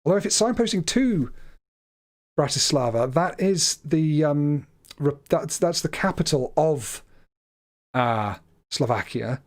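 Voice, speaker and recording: A man with a slightly high voice hosts a live stream and talks through a guessing game as he plays. His delivery is chatty and unscripted. He often stumbles and restarts his words while he works things out. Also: animated, unhurried, pauses often. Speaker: livestream host. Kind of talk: live game commentary, thinking aloud.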